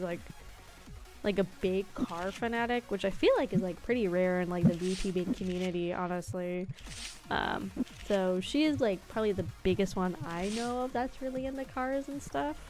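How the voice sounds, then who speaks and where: A woman's voice: mid-range voice, darkish tone. A woman VTuber streamer chatting casually while playing, rambling with lots of fillers, laughing often and swearing.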